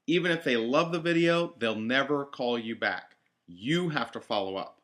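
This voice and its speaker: Brief: male trainer, bright tone, direct coaching delivery, repeats key lines for emphasis. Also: mid-range voice, moderate pace. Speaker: network marketing trainer. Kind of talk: team training talk.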